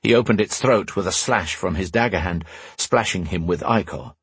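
A man narrating a fantasy audiobook in a steady, measured storytelling manner. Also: deep voice, husky, no room sound.

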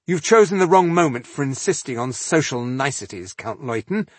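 A man reading an audiobook, voicing a proud, bold noblewoman regent with a sharp, commanding manner. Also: on the high side, animated, moderate pace, no room sound, pitched above the performer's own voice. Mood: haughty.

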